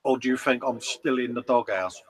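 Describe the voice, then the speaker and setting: A man's voice: mid-range voice, a little fast, poor audio. An English man telling jokey stories and laughing in casual banter. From England. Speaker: guest on a live stream.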